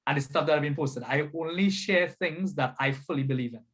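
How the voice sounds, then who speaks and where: A spiritual coach leads a casual online workshop over a video call, chatty and upbeat, repeatedly asking "right?" and "you understand?". His voice is on the high side, fairly bright, and a little fast.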